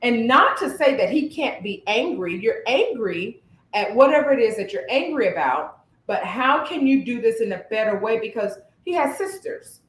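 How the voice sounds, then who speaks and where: A woman who works as a therapist, co-hosting a casual podcast, talking in an animated and thoughtful way and sometimes searching for her words. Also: a little high, moderate pace. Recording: roomy echo.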